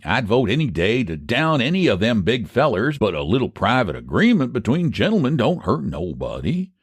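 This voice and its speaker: A man's voice: mid-range voice, sing-song, moderate pace, slightly rough, dry recording. A man voicing a sly, scheming older rural pie seller with a rural American dialect and a folksy drawl. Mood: persuasive. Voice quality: folksy drawl, old-fashioned country grammar.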